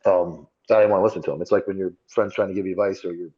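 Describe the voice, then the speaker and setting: Male ex-cop guest, deep raspy voice, candid and foul-mouthed, dull lo-fi sound. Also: fairly even intonation, rapid-fire, dark tone. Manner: blunt, profane and self-critical. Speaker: podcast guest, former police officer. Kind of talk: candid conversational storytelling.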